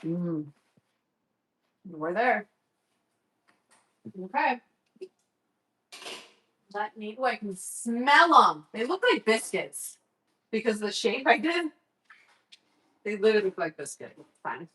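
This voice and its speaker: A young woman talks through a cooking vlog in her kitchen, her pitch sitting in an ordinary middle range. She is chatty and swears freely, rambling into animated stories between kitchen tasks. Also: slow pace, long pauses, poor audio. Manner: chatty, profane, animated storytelling. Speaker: vlogger. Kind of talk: casual cooking vlog chat. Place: home kitchen.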